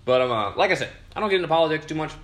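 A man's voice: on the high side, lively intonation, rapid-fire, a bit bright. A young man hosting a podcast, tipsy from beer, rambling through a casual monologue full of swearing and fillers. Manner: profane, meandering, frequent fillers. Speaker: podcast host. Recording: roomy echo.

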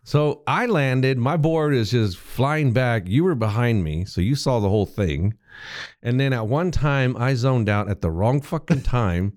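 A man's voice: medium pitch, expressive, a little slow, a little mellow. A man co-hosting a podcast in casual chat, laid-back, prompting his partner and telling his own stories. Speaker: podcast co-host.

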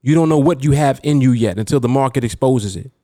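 A man's voice: mid-range voice, quick pace, mellow, dry recording, clean studio sound. A man hosting a podcast as a trading coach, talking casually and emphatically, reading out chat comments and laughing often.

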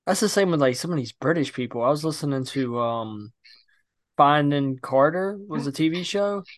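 A man's voice: a little high, moderate pace, dry recording. Profane young man, dry close sound. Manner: profane, animated, blunt. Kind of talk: casual chat.

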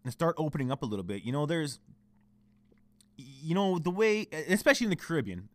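A man's voice: on the high side, sing-song, fast, no echo. A young Canadian man hosting a solo podcast from home, ranting in a profane, heated and confessional way, cranky. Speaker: podcast host.

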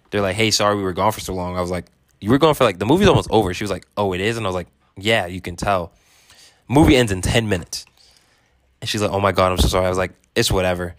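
A man's voice: deep voice, dry recording, studio quality. A young man telling a story casually, laid-back and rambling with lots of fillers. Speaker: vlogger.

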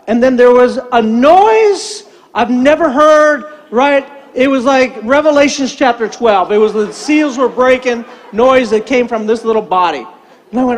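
An older man delivers a sermon as a comic story, his voice sitting very high. He acts out the people in the tale with lively, animated energy. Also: moderate pace. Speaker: pastor.

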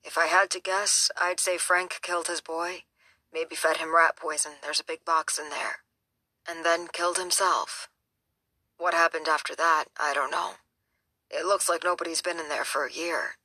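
Weary sheriff, gruff and matter-of-fact, read by a woman, low voice, dry sound. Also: fairly even intonation, moderate pace, pushed and bright, no echo. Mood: grim. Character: weary middle-aged male sheriff, blunt.

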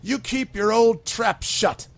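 A man's voice: high voice, slow pace, voice pushed up. A man voicing a stubborn, fierce woman who scolds and warns sharply in a tabletop game. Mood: warning.

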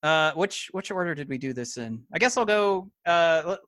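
His voice on the high side, expressive and fairly bright, a wrestling podcast co-host chats casually at normal speed. He's hesitant, full of fillers and restarts, and the recording has no echo.

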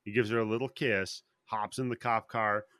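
Podcast dude rambling thru a movie recap, swears a lot, dry close sound. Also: male voice, fairly low pitch, little pitch movement, moderate pace, bright, forceful tone, no room sound. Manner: profane, rambling storyteller. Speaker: podcast host.

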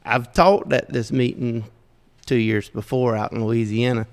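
This podcast guest, a middle-aged man with a Southeast Georgia drawl, swaps self-deprecating stories at a measured pace, his medium-pitched voice gravelly and fairly even in intonation. He laughs softly throughout, and a long reverb suggests a large room.

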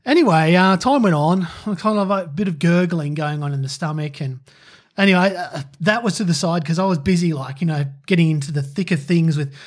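A man's voice: on the high side, a little fast. A man co-hosting a podcast, telling a rambling personal story full of fillers. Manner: rambling, with many fillers and laughs. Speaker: podcast co-host. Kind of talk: casual storytelling chat.

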